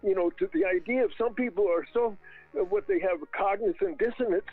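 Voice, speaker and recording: High-voiced man on a dry phone line. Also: no echo, faint music behind. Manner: hesitant, halting. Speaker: caller. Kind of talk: call-in phone chat.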